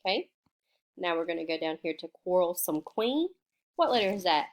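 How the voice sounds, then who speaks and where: A woman teaching young children remotely, slowly sounding out words in a patient, sing-song way and answering her own questions. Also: on the low side, lively intonation.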